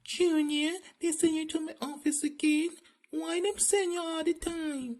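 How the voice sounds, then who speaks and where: Cartoon: performer as a soft, doting Jamaican principal. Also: very high-pitched, fairly even intonation, unhurried. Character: sweet, doting female school principal.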